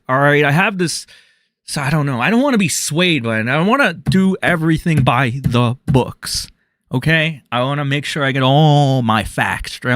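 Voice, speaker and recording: Guy streamer ranting and roasting ppl, swears a lot, kinda high voice, dry close sound. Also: fairly bright tone, no room sound. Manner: mocking and crude, with frequent laughter and swearing. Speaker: streamer commentator. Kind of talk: profane live-stream commentary.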